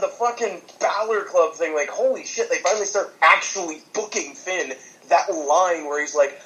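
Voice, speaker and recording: A man in casual podcast chat, animated and laughing often, swearing freely as he rants about wrestling. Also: sits high, moderate pace, few pauses, slight background noise, poor audio. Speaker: podcast co-host.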